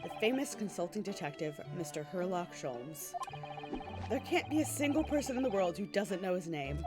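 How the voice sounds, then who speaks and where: A woman reading the lines of a cheerful young female lodger with bright, homely chatter, game music behind. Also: on the low side, sing-song, normal speed.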